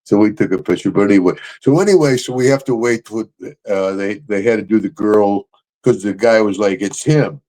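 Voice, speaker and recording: A man's voice: on the low side, a little fast. Boisterous older man telling stories. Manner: boisterous, laughs often, shouts catchphrase. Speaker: show host, retired wrestler. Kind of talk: casual storytelling chat.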